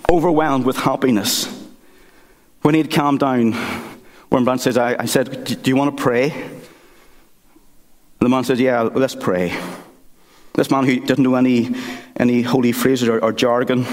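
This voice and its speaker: Earnest pastor preaching in a reverberant church. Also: male voice, medium pitch, fairly even intonation. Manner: earnest, halting storytelling with frequent restarts. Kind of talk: sermon. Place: church sanctuary.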